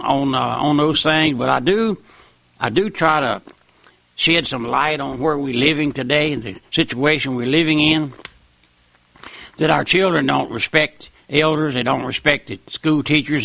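A man's voice: on the high side, creaky, pushed and bright, dry recording. A man preaching a sermon in an emphatic old-time style, repeating phrases for weight.

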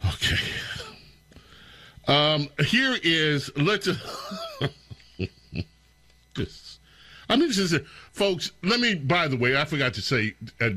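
A man hosting a talk radio show, commenting in a sarcastic, animated and incredulous way. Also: low-pitched, dry recording.

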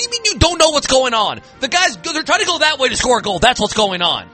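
A man's voice: very high-pitched, sing-song, fast talker, bright, forceful tone, faint music behind. A man hosting a sports talk show, ranting in exasperation with frequent restarts. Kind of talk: casual sports talk rant.

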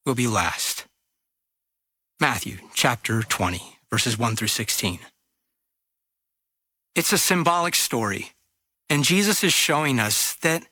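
A man reading a Bible parable aloud and teaching on it in an expressive storytelling way. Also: medium pitch, no room sound.

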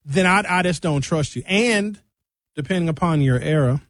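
A young man hosting a radio show, chatting casually with jokes and quick tangents. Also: a little high, no echo. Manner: animated, jokey, jumps between tangents. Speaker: radio host.

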